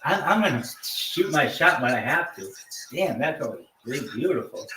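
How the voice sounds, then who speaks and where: A man's voice: a little high, very animated, moderate pace, a little hiss or hum. Pumped-up guy chatting live to strangers, sounds a bit far from the mic in a roomy space. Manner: hyped, greets strangers loudly, repeats himself. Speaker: livestream host. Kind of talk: casual livestream chat. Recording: echoey room, mic at a distance.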